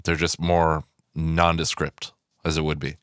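A man with a very low, deep voice hosting a podcast solo. He rambles excitedly from aside to aside and swears freely. The sound is dry and close, with no room echo. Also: a little slow, clean tone. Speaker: podcast host. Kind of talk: casual podcast monologue. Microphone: podcast microphone.

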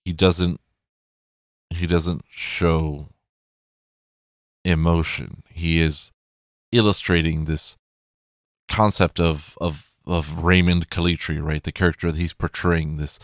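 A man's voice: low voice, level tone, slow pace, long pauses, no room sound, studio quality. A man chatting casually and rambling, with plenty of swearing and self-corrections.

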